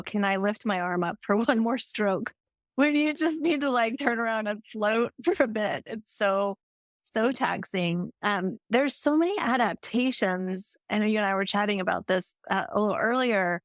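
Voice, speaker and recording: A woman's voice: medium pitch, no echo, clean studio sound. A woman speaking as a podcast guest, thoughtful and empathetic, reflecting aloud in a conversational way. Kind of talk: reflective conversational interview talk.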